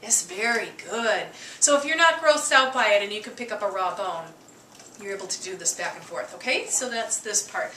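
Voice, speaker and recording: A dog trainer's mid-range voice comes across animated, bright, and forceful at a moderate pace, with a little hiss or hum. She gives a chatty, upbeat instructional demo in her kitchen, full of asides, recorded from a distance in an echoey room.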